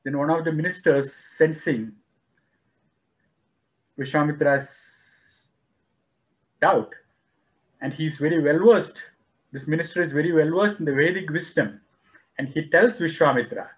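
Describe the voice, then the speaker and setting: Male lecturer, fairly high voice, slow deliberate delivery, explains scripture terms, tells stories, acts out the dialogue. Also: low-quality recording. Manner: acts out quoted dialogue in the story. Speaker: lecturer on Vedic philosophy. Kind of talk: spiritual lecture, storytelling.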